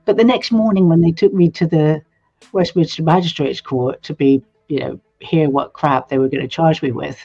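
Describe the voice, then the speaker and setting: A woman from England telling a story in a casual, animated way on a live stream, laughing at times. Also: sits low. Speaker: co-host. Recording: dull lo-fi stream audio.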